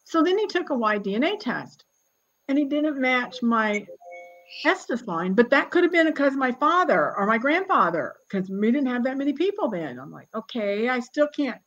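Brief: sixties woman, genealogist guest, lively storyteller, slightly high voice, lo-fi call audio. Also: moderate pace. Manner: lively, chatty, laughs often. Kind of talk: casual storytelling conversation.

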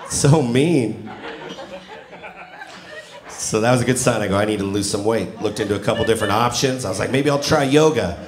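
A man's voice: medium pitch, fairly even intonation, normal speed, a crowd in the background. A man in his forties performing a stand-up comedy set in a live venue, telling stories and acting out quotes in a conversational way. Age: 40s. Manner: conversational storytelling with acted-out quotes. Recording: roomy live venue with loud audience noise.

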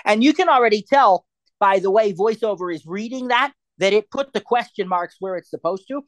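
Give me an instructor in mid-register giving a relaxed live lesson, who rambles a little and fills pauses with um and uh. The sound is dry and close, with no room around it. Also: medium pitch, dry recording. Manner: chatty and digressive, thinks aloud with many fillers. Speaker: assistive technology instructor. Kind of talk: live class demonstration.

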